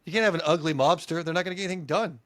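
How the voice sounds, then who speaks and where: A man's voice: on the high side, racing, fairly bright tone, dry recording. Jokey young man, dry close sound. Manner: jokey, laughs often, tries silly accents. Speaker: podcast co-host. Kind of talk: casual chat.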